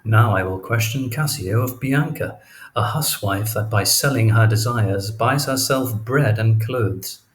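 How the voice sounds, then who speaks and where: Sly scheming villain, low voice, takes his time, as a man reads him. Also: unhurried, lightly acted. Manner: sly, insinuating. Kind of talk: audiobook character reading.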